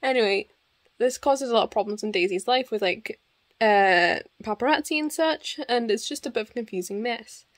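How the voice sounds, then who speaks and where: Scottish woman, young, casual to-camera book vlog, laughs easily, fairly high pitch. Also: normal speed. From Scotland. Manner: chatty, laughing, wry. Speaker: book vlogger.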